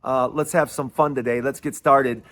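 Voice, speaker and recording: Bright-voiced man hosting a commentary show. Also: mid-range voice, fairly even intonation, moderate pace. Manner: talkative, restarts phrases, self-deprecating asides; mocking, repeats lines for emphasis. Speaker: host of a political commentary show. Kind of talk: casual commentary vlog.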